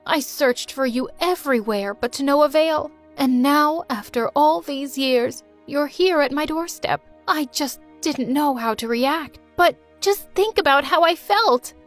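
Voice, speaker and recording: A woman's voice: a little slow, hardly any pauses, faint music behind. A woman voicing a vain, self-centered celebrity mother who stars on a reality TV show, putting on a syrupy public manner. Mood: sweet. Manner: shrill when angry, syrupy for cameras.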